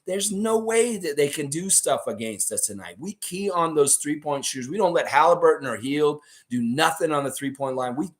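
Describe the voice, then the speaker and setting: A young man hosting a live stream in a loose, rambling way. His voice is hoarse, sitting somewhat high. He jumps animatedly between stories and chat with viewers. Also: lively intonation, moderate pace, few pauses.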